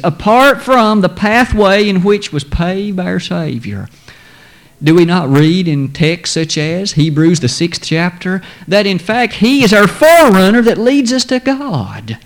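A man preaching a sermon, quoting scripture in old-fashioned wording, swelling loud and high on key words and dropping to a near whisper. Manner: emphatic, swells high then drops to a hush.

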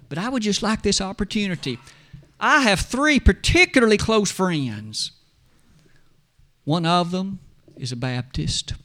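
A man's voice: high voice, fairly bright tone. A man acting out an earnest churchgoing woman who pleads with Jesus about her friends.

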